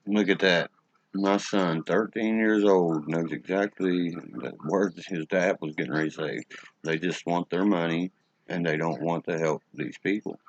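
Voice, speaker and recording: Profane West Virginia streamer, very low voice, casual rant to his chat; dry room, lo-fi audio. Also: unhurried, dry recording. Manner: profane and ranting. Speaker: livestream host. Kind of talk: casual livestream chat, reading the chat.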